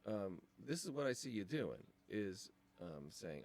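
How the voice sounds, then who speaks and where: A man's voice: on the low side, big pitch swings, unhurried, darkish tone. A man teaching design, talking through files on a screen capture in a casual, thinking-aloud way with many ums. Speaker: design instructor.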